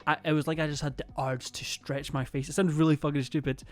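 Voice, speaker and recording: A young man talks to his stream viewers in a loose, rambling way. He hesitates often, leans on fillers and swears freely. His voice sits a little high, and soft music plays faintly underneath. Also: level tone, fast. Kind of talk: casual stream chat.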